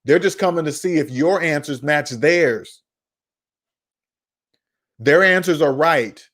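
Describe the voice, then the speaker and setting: A man's voice: on the high side, takes it slowly, fairly bright tone. A man hosting a personal finance channel, talking in an emphatic, preachy way, repeating his points and scolding viewers. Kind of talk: emphatic monologue.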